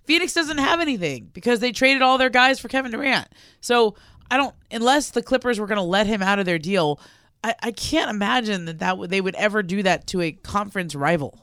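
A woman's voice: medium pitch, animated, a little fast, fairly bright tone, smooth, dry recording, studio quality. A woman co-hosting a casual sports talk show, often restarting her sentences as she thinks aloud. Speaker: co-host.

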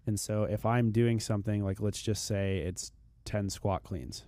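A man's voice: on the low side, fairly even intonation, measured pace, dark tone, no echo, studio quality. A man speaking as a fitness expert on a podcast, earnest and motivational, often repeating words as he starts a thought. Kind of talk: podcast chat.

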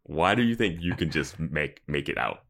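A man's voice: a bass voice, normal speed. A young man co-hosting a podcast, chiming in with wry, joking remarks. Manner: wry interjections, lively with laughs. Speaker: podcast co-host. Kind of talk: casual chat.

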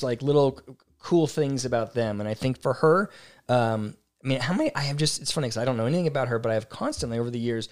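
A man co-hosting a relationship podcast, talking in a blunt, opinionated, animated way. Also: mid-range voice. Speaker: podcast co-host. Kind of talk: casual chat.

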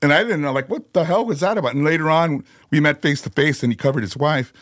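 A man's voice: fairly high pitch, fast talker, fairly bright tone, dry recording, studio quality. A man, a guest on a podcast, telling loose, rambling stories full of "you know" and "like" in casual conversation. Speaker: guest musician.

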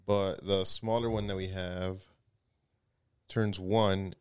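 A man co-hosting a casual podcast, relaxed and easygoing in his remarks. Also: low-pitched, takes it slowly, clean tone. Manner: relaxed, brief agreeable remarks. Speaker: podcast co-host.

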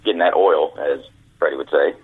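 A man's voice: extremely low pitch, fairly quick, slightly rough, dry recording. A man telling folksy anecdotes as a guest in an interview, acting out other people's voices, heard over a dry, tinny phone line. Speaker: guest author, former caddy. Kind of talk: storytelling interview.

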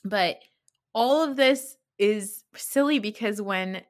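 Woman, podcast host, chatty, sarcastic, mid-pitched. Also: slow pace. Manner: chatty, sarcastic, animated quoting of cast. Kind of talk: casual reality TV recap.

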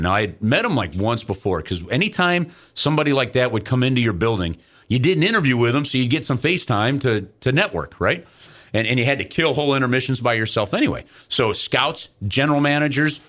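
A middle-aged man telling a story as an interview guest, in a casual and animated way, acting out other people's lines. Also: medium pitch, quick pace.

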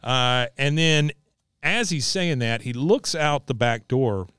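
A man's voice: medium pitch, slow, fairly bright tone, clear, resonant tone, no room sound, clean studio sound. A man co-hosting a casual podcast, recapping a cartoon episode and acting out the characters' lines. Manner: retells scenes, acting out characters' lines in raised voices. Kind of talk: casual chat.

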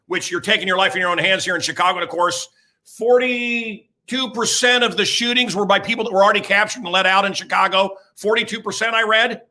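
A man in his sixties, a radio host, ranting loudly and emphatically, rambling and repeating himself, with crude jokes and bursts of shouting. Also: high voice, steady tone, brisk. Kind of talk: ranting talk-show monologue.

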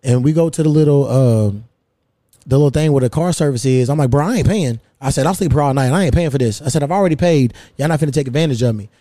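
A man in his thirties hosting a casual podcast, telling a story in a lively, profane way. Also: medium pitch, fast talker, no echo, clean studio sound. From United States. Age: 30s. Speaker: podcast host.

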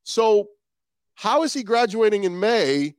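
A man co-hosting a casual sports podcast, talking quickly and posing rhetorical questions. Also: high-pitched, expressive, clean tone, dry recording, clean studio sound. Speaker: guest podcast co-host.

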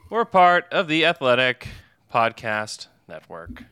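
A man hosts a casual sports podcast, his voice slightly low yet bright and clear. He rambles a little, with fillers and quick self-corrections. The sound is dry and close. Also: no room sound. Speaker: podcast host.

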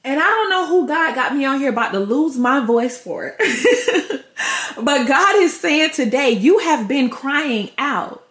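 A woman's voice: sits high, lively intonation, a little slow, fairly bright tone. A woman podcast host preaching a devotional message with fervent energy, speaking directly to her listeners. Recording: echoey room.

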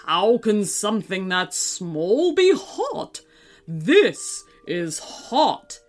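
A woman's voice: medium pitch, big pitch swings, faint music behind. A woman voicing a sneering grumpy dragon. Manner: slow, sneering and boastful. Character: grumpy hot-headed male dragon.

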